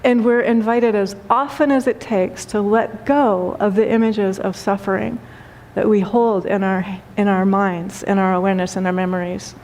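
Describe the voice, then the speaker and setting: A woman spiritual teacher giving a talk and telling a story, speaking gently with repeated phrases and frequent laughter. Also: medium pitch, steady tone, normal speed. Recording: long hall reverb.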